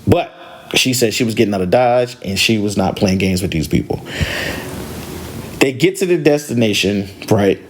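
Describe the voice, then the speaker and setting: A man hosting a podcast, casually telling a story from driving rideshare, animated and full of slang. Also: fairly low pitch, moderate pace, slight background noise. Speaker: podcast host and rideshare driver.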